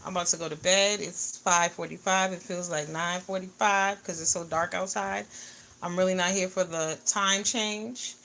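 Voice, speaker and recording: Woman livestreaming from home, bright tense voice, goes loud to hushed with her viewers. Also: on the low side, moderate pace, gravelly. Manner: animated, greets viewers, swings from loud to quiet. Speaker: livestream vlogger. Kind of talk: casual livestream chat. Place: home in the US Northeast.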